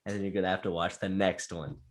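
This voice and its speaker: A man co-hosting a casual movie review podcast, gushing and excitable, breaking into laughs. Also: low voice, fast talker. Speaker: podcast co-host.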